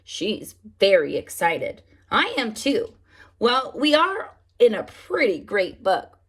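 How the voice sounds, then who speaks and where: A woman preschool teacher reading picture books aloud to young children, animated and often asking them questions. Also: mid-range voice, slow, breathy edge. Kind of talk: storybook read-aloud for children.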